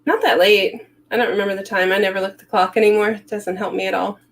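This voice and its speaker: A woman's voice: mid-range voice, steady tone, fast. Chatty middle-aged lady cohosting a live stream, giggles a lot, medium voice. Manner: giggly, chatty, greets viewers by name. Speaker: co-host of a live reseller talk show. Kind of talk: casual live-stream chat.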